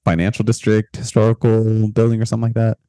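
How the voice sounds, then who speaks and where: A man co-hosting a podcast in a relaxed, chatty way, full of fillers and light laughs. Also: lowish voice, fast, dry recording. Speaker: podcast co-host. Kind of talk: casual podcast chat.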